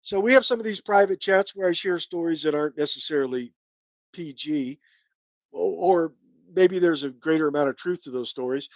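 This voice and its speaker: A man's voice: a little high, normal speed, no echo, lo-fi sound. Rambling Kentucky-born man on a live chat. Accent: light Kentucky. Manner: rambling, folksy, thanks viewers by name. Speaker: channel host. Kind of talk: casual live stream chat.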